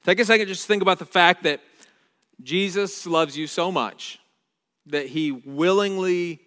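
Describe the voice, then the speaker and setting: A man's voice: high voice, fairly bright tone. Earnest man preaching in a reverberant hall. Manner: earnest, halting restarts, slows down on key words. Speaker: pastor. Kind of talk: sermon. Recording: long reverb with faint guitar music.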